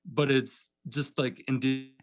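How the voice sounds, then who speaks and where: A man chatting casually as a podcast guest, rambling and packing every sentence with fillers while he acts out old conversations. His pitch sits right in the middle for a man. The sound is dry and close, with no room around it. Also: little pitch movement, normal speed, no room sound. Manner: rambling, filler-heavy, retells with quoted dialogue. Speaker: guest, pepper farmer.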